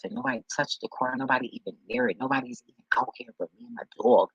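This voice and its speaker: Husky man rambling casually on a vlog. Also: mid-range voice, steady tone, quick pace, no room sound, highs cut off. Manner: loose, profane, laughing storyteller. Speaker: vlogger and delivery driver.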